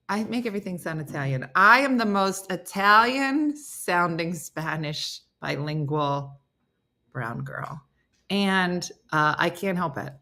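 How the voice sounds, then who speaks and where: Woman, middle-aged, live-stream host, animated pitch, bright tone, playful and laughing. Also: moderate pace. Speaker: host reading live comments. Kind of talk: casual live-stream chat.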